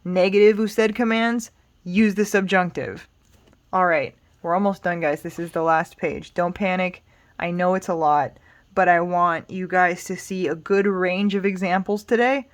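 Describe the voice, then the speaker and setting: A woman teaches a lesson in a casual, explanatory way, her voice sitting a little on the low side. She is patient and reassuring, pausing with small fillers as she works through each point. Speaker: Spanish teacher.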